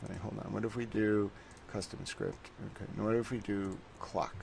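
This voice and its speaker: A man's voice: fairly low pitch, little pitch movement, normal speed, gravelly, noisy background. A man hosting a casual livestream, rambling to his chat while he fiddles with on-screen settings. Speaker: livestream host.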